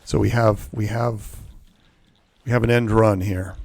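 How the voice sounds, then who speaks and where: A man with a lowish, mellow voice livestreams a pirate game, speaking unhurriedly with fairly even intonation and some vocal fry, all in a dry recording. It's casual gameplay commentary: he rambles through his rules, restarts and corrects himself, and mutters asides under his breath as he plays.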